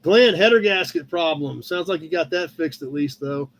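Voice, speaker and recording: A man's voice: fairly high pitch, normal speed. A man with a Midwestern American accent hosting a live car-hobby chat show, casually rambling through viewer posts with plenty of fillers and calling people by name. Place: home room with a cat nearby.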